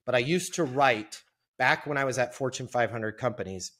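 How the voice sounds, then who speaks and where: A man who is a podcast guest, telling a sales story in an animated way and acting out the quotes. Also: medium pitch, moderate pace. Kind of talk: storytelling interview.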